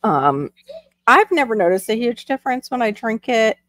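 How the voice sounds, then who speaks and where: A woman's voice: a little high, very animated, moderate pace, fairly bright tone, no echo. A woman hosting a casual livestream, chatting and greeting viewers from the chat as she reads it. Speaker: livestream host. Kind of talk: casual live-stream chat.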